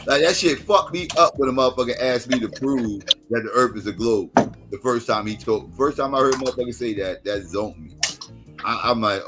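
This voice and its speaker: A man's voice: medium pitch, fairly quick, music in the background. A man hosting a late-night live stream, telling stories in casual profane talk and acting out quoted voices, sounding tired.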